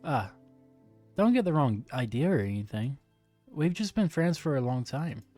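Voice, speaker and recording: A man's voice: medium pitch, sing-song, moderate pace, mellow, faint music behind. A man voicing a worried teen boy, reading his lines plainly and earnestly.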